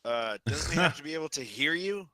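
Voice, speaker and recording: A man running a tabletop game as dungeon master, easygoing and quick with his rulings. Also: fairly high pitch, lively intonation, bright, forceful tone, rough recording.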